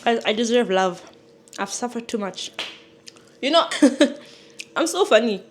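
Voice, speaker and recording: A young woman chats casually into a clip-on mic, frank and unfiltered, with the odd sniffle. Her voice sits a little high and jumps into sudden loud, emphatic bursts. A faint hiss runs under the recording. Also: expressive, a little slow. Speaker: vlogger. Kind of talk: casual chat while cooking and eating.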